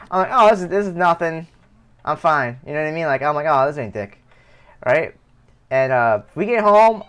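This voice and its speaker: A young man streaming live, telling a rambling personal story with heavy swearing and many restarts. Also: a little high. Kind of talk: casual storytelling.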